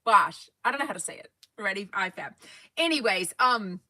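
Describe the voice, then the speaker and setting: A woman's voice: medium pitch, lively intonation, brisk, bright, forceful tone. A woman with a Texan accent hosting a casual fan livestream, rambling and reading viewers' comments aloud. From Texas. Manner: chatty, rambling, reads live comments aloud. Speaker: fan podcast host.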